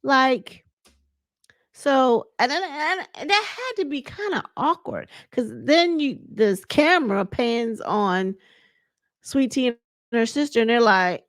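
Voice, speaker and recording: A woman casually recapping a reality show, chatty and animated, retelling scenes with laughs and dramatic asides. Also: sits high, slow pace, no echo, studio quality.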